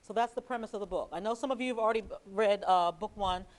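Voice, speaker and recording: A woman addresses a library audience in an easy, anecdotal way. She moves from story to aside and back. She then reads from her own novel. Her voice sits at a middle pitch. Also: fast talker. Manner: lively anecdotal storyteller, chatty asides and laughs. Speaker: author and TV news reporter. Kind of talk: public library lecture, storytelling and book reading. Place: library lecture hall.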